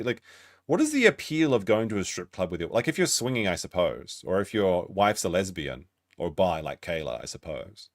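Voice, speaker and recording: Sardonic man with a lively, low voice. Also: no echo, studio quality. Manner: mocking, sardonic. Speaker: commentary streamer. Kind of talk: reaction commentary.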